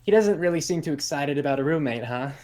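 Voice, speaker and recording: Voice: medium pitch, lively intonation, fast talker, a little mellow, pitched above the performer's own voice, lightly acted. A player voicing a young woman who has come to look at a room to rent, friendly and casual.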